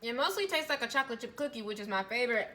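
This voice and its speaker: A woman's voice: fairly high pitch, expressive, rapid-fire, pushed and bright, slight background noise. A woman chatting casually as a cooking vlogger in a home kitchen, gushing over her food and talking straight to her viewers. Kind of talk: casual recipe chat and taste test.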